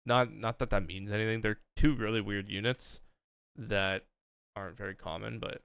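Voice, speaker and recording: A young man hosting a casual livestream, relaxed and chatty as he thinks aloud. His voice has a gravelly edge yet comes through very crisp and clean. The sound is close and dry, with no room in it. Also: lowish voice, moderate pace, no room sound. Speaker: streamer host.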